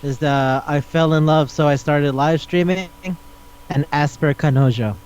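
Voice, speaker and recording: Guy on a podcast rambling about manga, slightly high voice, acts out all the lines, kinda muffled lo-fi audio. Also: a little slow, a little hiss or hum. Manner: animated storytelling, acts out characters' lines. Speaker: podcast host. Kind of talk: casual chat.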